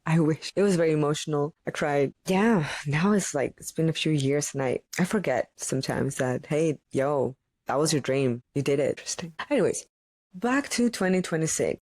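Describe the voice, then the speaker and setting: A Greek-born woman, native speaker of Greek, hosting her own podcast and telling her story in an opinionated, animated way. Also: low-pitched, moderate pace, no echo, studio quality. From Greece. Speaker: podcast host. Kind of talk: solo podcast monologue.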